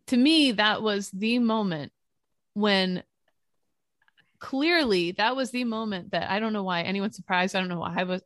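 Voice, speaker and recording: A woman's voice: mid-range voice, a bit bright, dry recording, studio quality. A young woman co-hosting a casual political talk show, speaking earnestly and passionately, at times rambling. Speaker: podcast co-host.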